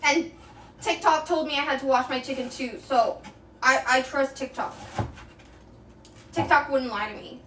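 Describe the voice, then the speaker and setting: In this casual cooking stream, a young streamer from Quebec, whose first language is French and who speaks with a Québécois accent, chats and giggles with viewers from her home kitchen. She sits high in pitch, a bit bright, and a little slow, leaving long pauses. A distant mic picks up kitchen echo and slight background noise.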